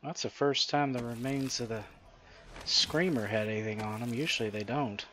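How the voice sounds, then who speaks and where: A man in a mid-pitched voice plays through a co-op survival game with friends. He chats casually, drops wry asides and chuckles often. A faint hiss sits under his voice. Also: moderate pace, pushed and bright. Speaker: gaming channel host. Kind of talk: casual co-op gameplay chat.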